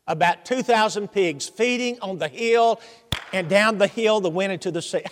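A man's voice: high-pitched, normal speed. A man preaching a sermon, telling the story animatedly with humor and asking the congregation questions. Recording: long hall reverb.

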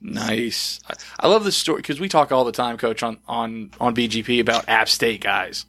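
A man hosting a sports podcast, enthusiastic and quick to laugh as he interviews a coach. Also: mid-range voice, creaky, pushed and bright, no room sound. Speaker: podcast host.

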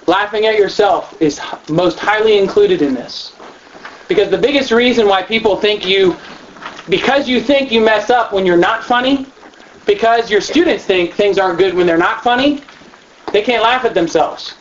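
A man giving a training talk to youth leaders, animated and acting out the kids he quotes. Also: high-pitched, normal speed. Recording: dull lo-fi room recording with faint noise.

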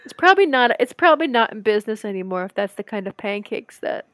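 A young woman with a Midwestern accent, co-hosting a casual podcast chat and telling stories in an animated, giggly way. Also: fairly high pitch, fast, dry recording. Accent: Midwestern American. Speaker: podcast co-host.

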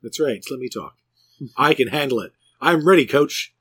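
A man's voice: mid-range voice, expressive, normal speed, fairly bright tone, husky, no room sound. A middle-aged man co-hosting a podcast in easygoing, joking casual chat. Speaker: podcast co-host.

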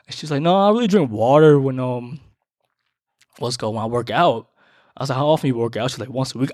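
Animated casual man telling a story. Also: fast, dry recording, studio quality. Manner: animated, swings loud and high for emphasis.

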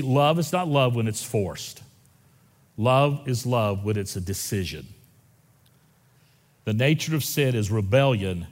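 A man preaching a sermon in an animated, conversational way, slowing down dramatically and joking with the congregation. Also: mid-range voice, big-room sound. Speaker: pastor.

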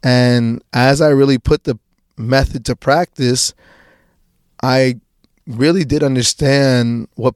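A man's voice: medium pitch, darkish tone, no echo. Young guy rambling on his own podcast, swears a lot, restarts constantly, dead dry sound. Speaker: podcast host. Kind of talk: casual personal monologue.

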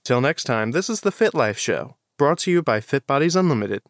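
A man's voice: medium pitch, very animated, fairly quick, dry recording, studio quality. A man hosting a casual fitness show, teasing and laughing with his co-hosts. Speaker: show host. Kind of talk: casual chat and outro sign-off.

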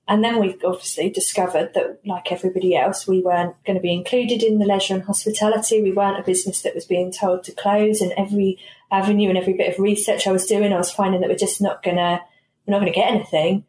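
A middle-aged British woman tells stories with animated energy, often laughing and acting out her own past remarks. She talks casually as an interview guest. The room sounds echoey, with a faint hiss underneath. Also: medium pitch, brisk. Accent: British English. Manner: animated, laughing storyteller who quotes herself. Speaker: guest, coach company owner. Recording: roomy recording with a faint hiss.

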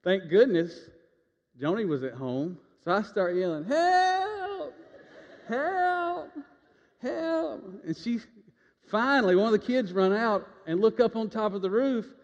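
A man's voice: high voice, normal speed. A man preaching a sermon in a church, telling a folksy personal story and leading the congregation in call-and-response. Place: church sanctuary. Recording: reverberant church, dull lo-fi sound.

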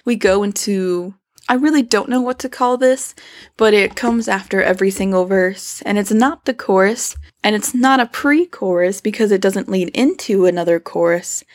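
A young woman who is herself a singer breaks down a rock song in a vlog, gushing about the singer in a chatty, upbeat way. Her voice is mid-range and her pace moderate, and she fills her talk with lots of "like" and "kinda."

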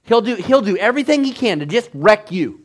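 A man preaching a sermon as pastor, telling stories with animated swings between hushed and loud delivery. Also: sits high, brisk.

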